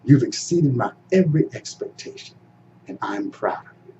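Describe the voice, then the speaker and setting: A man voicing a wise, gentle African king speaking softly to his son in a folktale. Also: animated, moderate pace, a little hiss or hum, natural voice. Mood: reassuring. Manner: low, soft and reassuring. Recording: dull, slightly distant recording.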